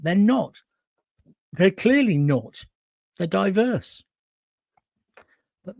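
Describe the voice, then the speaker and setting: A man's voice: on the high side, no room sound, clean studio sound. A man hosting a live stream. He reads viewers' comments aloud and answers them in a blunt, emphatic, opinionated way, with some mild swearing, and he sounds hot and sweaty. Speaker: host of a live current-affairs stream.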